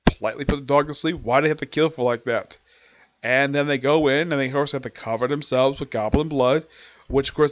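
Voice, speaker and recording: A man giving a casual, rambling episode recap and review, often restarting sentences and dropping into quick quoted lines. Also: fairly high pitch, no room sound, dull audio. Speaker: anime reviewer.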